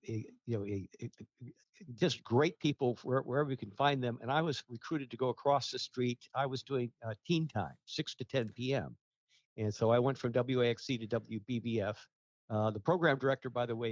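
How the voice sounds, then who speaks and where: A man recalls his years in radio in an unhurried, rambling way. He stumbles over fillers and restarts. His voice sounds muffled and dry. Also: medium pitch, dry recording. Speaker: guest, radio ratings researcher. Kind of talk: casual interview talk.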